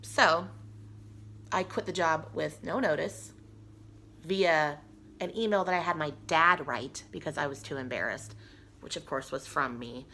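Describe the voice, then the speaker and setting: A woman's voice: deep voice, unhurried, bright, forceful tone, a little hiss or hum. A young woman telling a personal story to camera in a chatty, rambling way, full of "like" and restarts. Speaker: vlogger.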